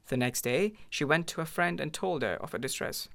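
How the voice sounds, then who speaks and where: A man reads a classic short story aloud, his voice sitting in an ordinary middle pitch. His delivery is measured and expressive, like a careful storyteller. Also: gravelly. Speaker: narrator.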